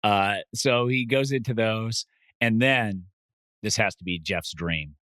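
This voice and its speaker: A man's voice: fairly low pitch, slow, bright, forceful tone, no echo. A man co-hosting a podcast, chatting casually with dry, sarcastic asides. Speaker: podcast co-host. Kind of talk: casual recap chat.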